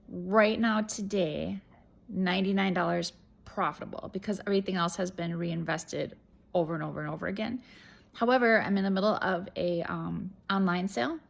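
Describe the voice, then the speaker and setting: A woman's voice: fairly low pitch, creaky. A woman chatting casually in a vlog update, rambling with fillers and restarts, her throat a bit irritated. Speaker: reseller vlogger.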